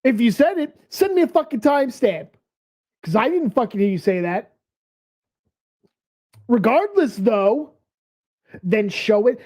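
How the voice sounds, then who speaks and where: A man's voice: very high-pitched, big pitch swings, measured pace, pauses often, a little mellow. A man hosting a reaction stream, ranting angrily and swearing, a little tipsy. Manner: angry, profane ranting. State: tipsy from beer. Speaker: stream host.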